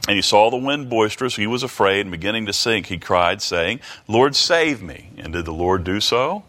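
A man preaching a Bible study sermon, halting and restarting, reading scripture aloud and asking the listeners many rhetorical questions. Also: fairly low pitch, a bit bright. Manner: reads King James scripture aloud.

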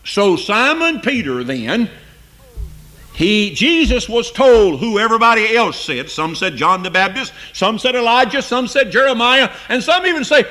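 Slow, lively-pitched male preacher. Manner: slow, rising to high emphatic peaks on scripture; drops low and quiet on asides. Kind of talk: sermon.

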